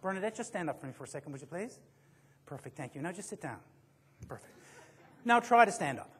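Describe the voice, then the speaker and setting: Husky-voiced man giving a seminar. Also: high voice, very animated, fast talker. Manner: joking, quizzes the audience. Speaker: motivational speaker. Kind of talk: live seminar talk to an audience.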